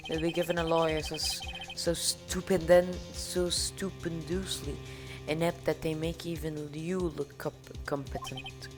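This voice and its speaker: A haughty, menacing rich older man sneers down at everyone he speaks to, as a woman puts him on in a low register. Game music plays clearly behind him. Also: natural voice. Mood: gloating. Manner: haughty, condescending, threatening. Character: smug, menacing rich older male villain. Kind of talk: voicing a video game let's play.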